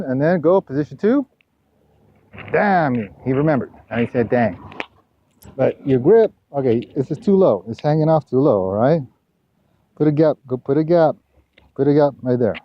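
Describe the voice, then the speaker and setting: Man coaching tennis, dull lo-fi sound. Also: medium pitch. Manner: directive, constantly checking in with "all right?" and "okay?"; teasing, joking with the student. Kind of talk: hands-on coaching session. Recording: dull, lo-fi camera audio.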